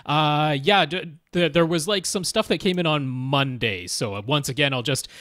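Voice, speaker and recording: A man from Canada co-hosting a podcast in casual chat, with dry quips and quick agreeing asides. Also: on the high side, fairly bright tone, no echo. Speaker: podcast co-host.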